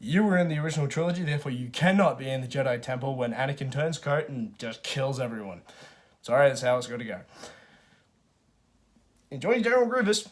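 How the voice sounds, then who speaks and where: A man's voice: mid-range voice, fast talker. A man giving a casual spoken film review, rambling with many restarts and fillers, and swearing freely. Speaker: movie reviewer.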